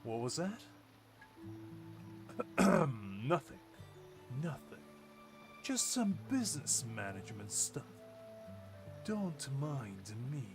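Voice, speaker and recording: A man's voice: fairly high pitch, huge pitch swings, slow, long pauses. A man streaming a game, reading the dialogue aloud with playful, rambling asides. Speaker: gameplay streamer. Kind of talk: casual gameplay commentary, reading dialogue aloud. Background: game music.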